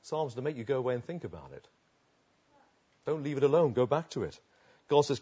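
Outdoors, an earnest male preacher gives a sermon in a warm, husky, medium-pitched voice that swings widely in a sing-song way. He speaks fairly quickly but pauses often, stressing points emphatically and repeating phrases, on audio that is a little dull and lo-fi.

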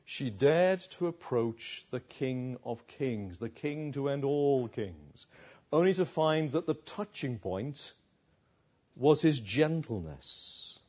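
Slow, breathy preacher. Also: male voice. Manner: expressive, with dramatic pauses and soft, hushed lows. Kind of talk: expository sermon. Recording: dull lo-fi recording.

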